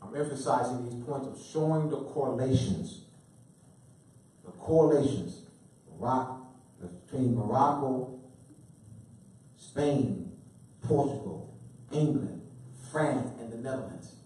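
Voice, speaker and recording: A man's voice: medium pitch, expressive, slow pace, pauses often, mellow, a little hiss or hum. A man lecturing to a live audience, quizzing them call-and-response style and repeating key words with emphasis. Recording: very echoey room, mic far off.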